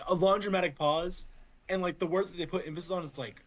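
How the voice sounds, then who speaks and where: A man playing on a tabletop game stream, chatting casually over a voice call, enthusiastic and quick to swear. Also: sits high, steady tone. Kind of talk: casual chat between friends. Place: online voice call.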